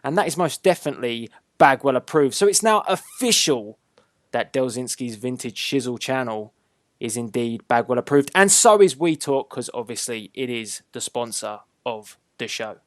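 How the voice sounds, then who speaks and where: A man's voice: mid-range voice, expressive, moderate pace, no echo. A man hosting a casual wrestling chat show, upbeat and teasing, drawing out his announcements. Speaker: host.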